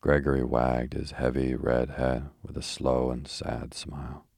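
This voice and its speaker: Male sleep-story narrator, rhythmic; very deep, dry. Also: measured pace, gravelly, no echo. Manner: rhythmic, even.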